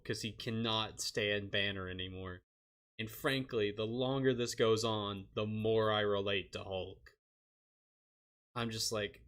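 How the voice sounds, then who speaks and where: A man chatting casually while he streams a game. He rambles, swears freely and laughs often. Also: on the low side. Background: loud game music.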